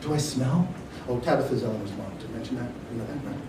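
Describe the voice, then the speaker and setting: A man, an author, reads his own fiction aloud at a library event in a measured, expressive storytelling manner. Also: mid-range voice. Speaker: author reading his work. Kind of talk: live reading of fiction. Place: library reading room. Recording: roomy hall from far off, faint noise.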